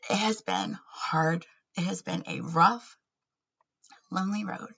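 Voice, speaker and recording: A woman's voice: fairly low pitch, slow, gravelly, fairly bright tone, slightly rough, dull audio. A woman talking candidly in a personal vlog, earnest and laughing often between words. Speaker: vlogger.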